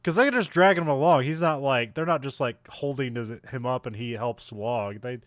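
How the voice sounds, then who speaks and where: A man's voice: mid-range voice, a little fast, no room sound, clean studio sound. A man co-hosting a podcast, recapping a film in casual chat, laughing often and trailing off mid-sentence.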